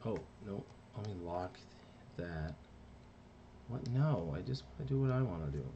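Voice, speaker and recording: Animated man chatting on a stream. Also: on the low side, normal speed, gravelly, lo-fi sound, a little hiss or hum. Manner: rambling, self-talk while working. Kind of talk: casual live-stream chat.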